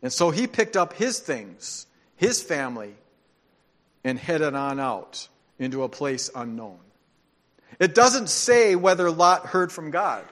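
Guy pastor preaching, lively stories then goes soft and earnest, kinda high voice. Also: slow. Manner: animated storytelling, drops to soft earnest tones. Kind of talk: sermon.

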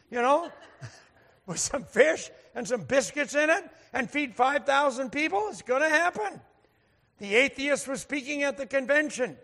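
High-voiced gravelly preacher. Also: male voice, a bit bright. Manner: folksy, humorous storytelling, calls out to the congregation. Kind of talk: sermon. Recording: echoey hall reverb.

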